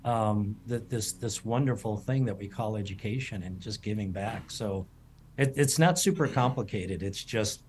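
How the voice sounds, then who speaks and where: A man's voice: on the low side, normal speed, a little hiss or hum. Rambling middle-aged man telling stories. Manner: rambling, repeats words, warm storytelling. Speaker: culinary school president, guest. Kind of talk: casual interview chat.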